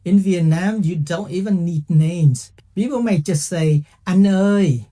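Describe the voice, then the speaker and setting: A man's voice: sits high, a little slow, mellow. A man teaching a casual language lesson, chatty and playful, often checking in with "okay?". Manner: playful, laughs at own jokes.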